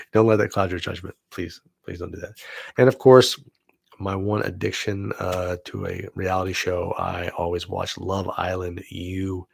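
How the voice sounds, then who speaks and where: Brief: forties male vlog host, gravelly low voice, relaxed enthusiastic chat, salty language. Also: dry recording. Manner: loose and enthusiastic, swears freely. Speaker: vlog host, film student. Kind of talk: casual rambling chat.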